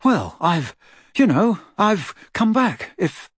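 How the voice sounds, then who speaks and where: A man voicing Ron, an awkward, sheepish teenage boy wizard, in a high, strained voice. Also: sing-song, slow pace, breathy edge, dry recording, studio quality, exaggerated voice.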